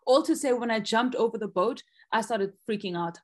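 A woman in her thirties, a podcast guest telling a personal story with lively re-enacted moments. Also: on the high side, a little fast. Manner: expressive, acts out quoted panic loudly.

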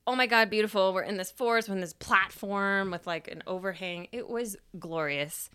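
A young adult woman and podcast host telling a personal story in a casual, animated way, swearing freely and acting out her own past remarks. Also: medium pitch, normal speed, smooth, no room sound, clean studio sound.

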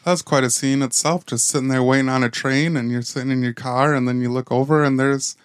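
A man's voice: mid-range voice, steady tone, fast, clean tone, dry recording, studio quality. A man co-hosting a podcast in casual chat, reading out odd laws and reacting with quips. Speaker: podcast co-host.

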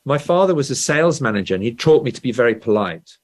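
A man's voice: mid-range voice, expressive, fast talker, darkish tone. A man from England with a standard Southern English accent, an author being interviewed, explaining ideas and checking in with "right?" as he goes. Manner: explanatory, frequent "right?" tags and restarts. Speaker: author and guest. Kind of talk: conversational interview.

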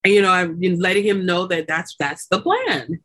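Animated woman telling a birth story. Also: on the low side, moderate pace, slightly rough. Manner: animated, many fillers like "like" and "you know", laughs often. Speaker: doula and lactation consultant guest. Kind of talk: podcast interview storytelling.

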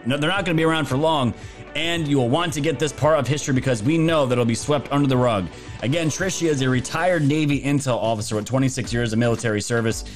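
A man hosting a casual political livestream, rambling and jokey, with plenty of filler words. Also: mid-range voice. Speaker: livestream host. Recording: music playing underneath.

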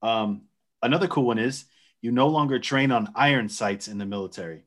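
A man's voice: medium pitch, fairly quick, fairly bright tone. A man in his forties, an army veteran co-hosting a podcast, making emphatic profane points in casual chat.

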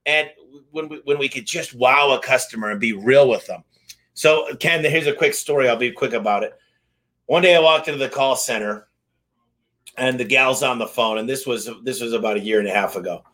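An energetic man tells his stories in a bright, forceful voice. He sits at a middling pitch and jumps into the dialogue, playing everyone in his tale. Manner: energetic, fast-moving anecdotes with acted-out dialogue. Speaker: garage door company owner, guest. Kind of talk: casual interview storytelling.

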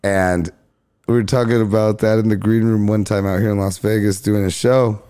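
A man's voice: lowish voice, steady tone, normal speed, mellow, clean tone. A man from Riverside, California, telling a road story in casual chat, laid-back and swearing freely while acting out other people's lines. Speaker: comedian guest.

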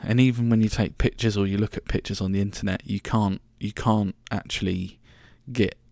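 Gravelly-voiced man telling travel stories. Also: lowish voice, steady tone, moderate pace, a little mellow, no room sound, studio quality. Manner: chatty, rambling, sweary, full of restarts. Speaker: podcast host. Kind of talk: casual storytelling monologue.

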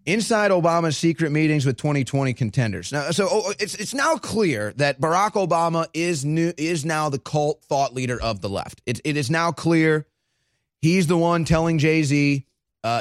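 A man hosting a political commentary show, excitable and mocking, often breaking into laughter. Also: on the high side, moderate pace, no room sound, studio quality. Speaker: host.

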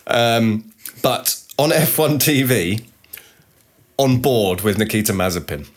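A man's voice: medium pitch, lively intonation, slow. A man co-hosting a podcast in casual chat, joking and teasing, with frequent hesitations. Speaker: podcast co-host.

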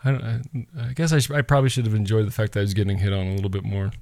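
A man in his thirties co-hosting a casual podcast, telling an animated, rambling story with lots of restarts. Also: lowish voice, racing, no room sound, studio quality. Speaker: podcast co-host.

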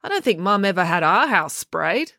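A woman's voice: lowish voice, sing-song, moderate pace, bright, forceful tone, dry recording, studio quality, full character voice. A woman voicing a feisty, blunt young girl who argues back. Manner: blunt, argumentative.

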